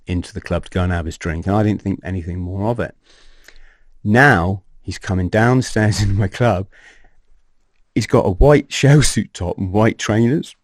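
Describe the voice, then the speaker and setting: A man in his fifties, a podcast guest telling a story in a lively way, acting out what people said and swearing casually. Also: deep voice, dry recording, clean studio sound. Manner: animated, acts out quoted dialogue, swears casually. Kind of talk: storytelling in an interview.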